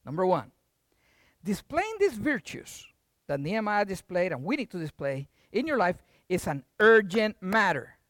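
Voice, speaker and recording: An older preacher delivers a sermon with a very lively, swinging delivery. Quiet asides turn into loud, rising bursts. The sound is close and dry, with no room echo. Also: mid-range voice, moderate pace. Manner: animated, jumps from hushed to loud.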